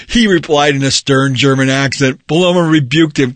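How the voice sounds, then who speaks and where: A man's voice: mid-range voice, moderate pace, hardly any pauses, no room sound. A man narrating his own nonfiction audiobook in an earnest, emphatic, motivational way, close to the mic.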